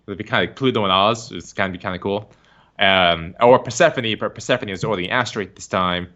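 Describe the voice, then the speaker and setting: Bright, excitable male podcast host. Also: lowish voice, fast. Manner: rambling, excitable, laughs a lot. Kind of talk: casual chat. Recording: dull lo-fi stream recording.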